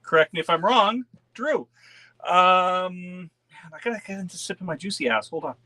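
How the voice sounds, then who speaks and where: Bright-voiced chatty beer stream host. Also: male voice, high-pitched, animated, normal speed. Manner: chatty, laughs often, talks to viewers. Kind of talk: casual live-stream unboxing chat.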